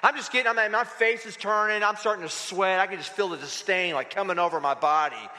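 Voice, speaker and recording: A male pastor preaching a sermon in a church, animated and acting out little dialogues with the crowd. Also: high voice, quick pace, long reverb tail. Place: church sanctuary.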